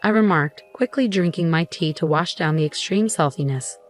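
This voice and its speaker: A woman narrating a first-person story in an even, earnest scripted style. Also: fairly low pitch, moderate pace. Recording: faint background music.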